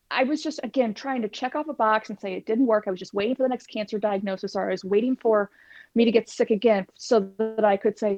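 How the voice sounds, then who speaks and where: A woman with a somewhat high voice tells her own story in an interview, animated and acting out what people said. The recording is dull and lo-fi, with a dry, close sound. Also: no room sound. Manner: animated, acts out quoted dialogue. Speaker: plant-based cooking instructor, guest.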